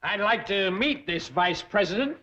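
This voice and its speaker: An actor playing a sour, suspicious middle-aged banker in a 1960s TV sitcom, with dry sarcastic asides. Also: male voice, sits high, expressive, normal speed, bright, forceful tone, highs cut off. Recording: old TV audio with hiss.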